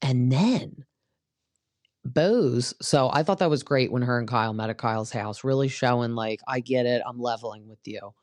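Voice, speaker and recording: A woman's voice: very deep voice, moderate pace, a little mellow, no echo. Chatty opinionated young woman, dry sound. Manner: chatty, opinionated, acts out quotes. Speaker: podcast host recapping reality TV. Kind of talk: casual chat.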